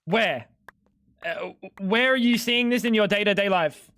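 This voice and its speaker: A man's voice: sits high, unhurried, pushed and bright, no room sound. An Australian man streaming a game, bantering casually with friends, swearing a lot and joking with mock indignation.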